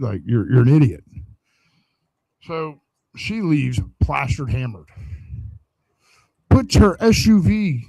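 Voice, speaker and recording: Man, podcast co-host, rowdy crude storyteller, acts out every line, middle pitch, dry close sound. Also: no echo, low-quality recording. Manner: profane, animated storyteller acting out quoted dialogue. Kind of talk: casual storytelling chat.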